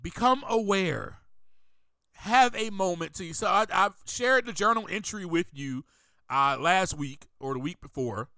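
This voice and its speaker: A man's voice: sits high, lively intonation, a little slow, bright, forceful tone, dry recording. A man hosting a motivational recovery podcast, speaking emphatically and repeating his key phrases like a preacher. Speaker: podcast host.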